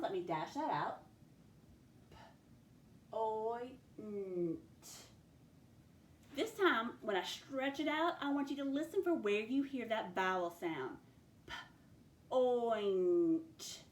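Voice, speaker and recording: Her voice on the high side, a woman teaches phonics spelling, sounding out each word slowly and stretching every sound as she dictates. The echoey room carries faint ambience and slight background noise.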